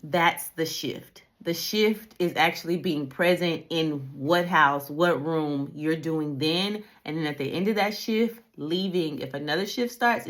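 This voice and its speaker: A woman's voice: low voice, fairly bright tone. A middle-aged woman hosting a casual reflective talk, telling candid stories and acting out quoted voices. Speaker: host.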